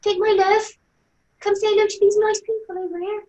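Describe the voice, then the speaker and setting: A woman's voice: extremely high pitch, little pitch movement, a little fast, dark tone, pitched above the performer's own voice. A woman putting on a cooing, earnest ghost medium. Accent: regional accent put on. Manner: cooing, coaxing the spirits. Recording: roomy, distant from mic.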